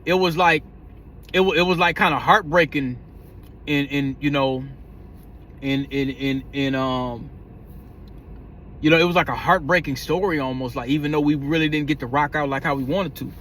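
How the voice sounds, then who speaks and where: A man's voice: fairly high pitch, steady tone, normal speed, long pauses, fairly bright tone, slight background noise. A man talking casually in a vlog, rambling with slang and frequent stumbles and repeated words. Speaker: vlogger.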